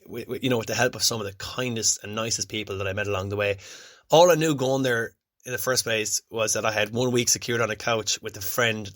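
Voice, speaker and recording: A man's voice: on the low side, fairly bright tone, dry recording, studio quality. A young Irish man hosting a solo podcast, telling his own story in a chatty, reflective and self-deprecating way. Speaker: podcast host.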